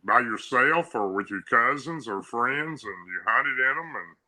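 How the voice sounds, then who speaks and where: A man voicing his older grandfather, a calm, plainspoken farmer who talks in an unbothered, folksy way. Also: mid-range voice, measured pace, poor audio. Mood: reassuring. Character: calm old farmer grandfather, matter-of-fact.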